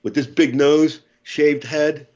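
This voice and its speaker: A man in his fifties from the United States, a podcast guest telling lively war stories and acting out the voices. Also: on the high side, slow pace, dull audio. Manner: animated storyteller, acts out voices, laughs often. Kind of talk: casual storytelling.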